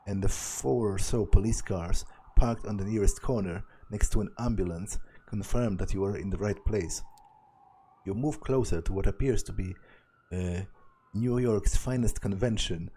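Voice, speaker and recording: A man's voice: on the low side, warm tone, slight background noise. A young man reading a visual novel aloud and commenting as he goes, thinking aloud with hesitant restarts. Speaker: let's play narrator.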